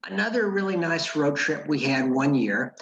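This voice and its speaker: A middle-aged man giving a club speech and telling a personal story in a measured, wry way with dry asides. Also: a little high, lively intonation, fairly bright tone, muffled recording. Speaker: club speaker. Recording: roomy echo.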